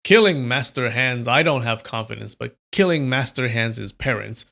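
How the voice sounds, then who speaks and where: A man doing a loud, gravelly old sect leader. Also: medium pitch, lively intonation, normal speed. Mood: boastful. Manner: loud, boastful and threatening. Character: ruthless old male demonic sect leader.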